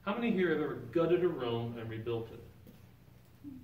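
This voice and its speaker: A man with a slightly high, sing-song voice speaks at an unhurried pace, his sound thin like a phone line. He's leading a casual Bible lesson in a church sanctuary, chatting and quizzing his class. The room echoes, and the mic catches him from a distance.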